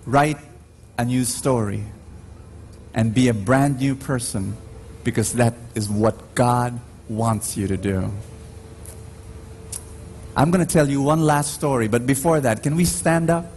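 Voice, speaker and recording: A man with a Filipino accent preaching a sermon in slow, emphatic phrases, his pitch swinging widely as he drives each point home. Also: darkish tone. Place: church. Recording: faint background noise on a radio live stream.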